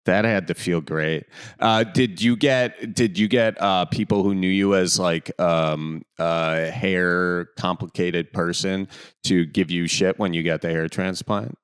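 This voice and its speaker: A man with a smooth, resonant voice hosts a casual podcast. His voice sits fairly low, and he keeps things easygoing, asking loose, rambling questions and laughing along with his guest. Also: fairly even intonation, unhurried. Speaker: podcast host.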